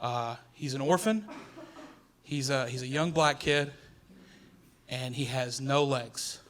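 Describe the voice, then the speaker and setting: A man's voice: mid-range voice, takes it slowly, a bit bright, a little hiss or hum. A male stand-up comedian telling jokes on stage, chatty and self-correcting, often laughing through his lines. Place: comedy stage before an audience.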